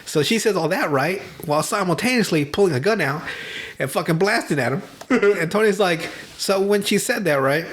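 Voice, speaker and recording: Brief: male podcast host, slightly high voice, swears a lot, laughs through his stories. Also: moderate pace. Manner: profane, laughing, animated storytelling. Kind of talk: casual chat retelling movies.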